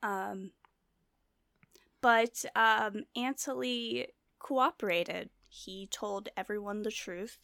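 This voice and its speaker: A woman's voice: medium pitch, very slow, vocal fry, a bit bright, no room sound, studio quality. A woman co-hosting a casual true-crime chat, telling the story with many fillers and asides. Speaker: podcast co-host.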